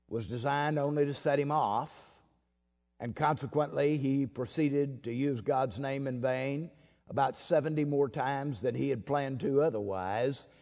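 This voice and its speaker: A folksy preacher, a man who drawls through a story-filled sermon and leans on plenty of "uh"s. His voice sits at an ordinary middle pitch. It is captured on dull, lo-fi audio, with a long reverb hanging in a big hall. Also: a little mellow. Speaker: pastor.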